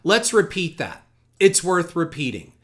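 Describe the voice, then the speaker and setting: A man's voice: on the high side, sing-song, measured pace, fairly bright tone. A man hosting a podcast, reading out insulting quotes with sardonic emphasis and commentary. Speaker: podcast host.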